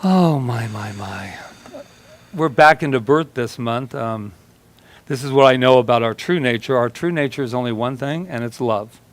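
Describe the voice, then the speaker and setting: A man's voice: medium pitch, normal speed. A man preaching a conversational sermon at a church service, telling stories in a chatty, joking way and laughing as he talks. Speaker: minister.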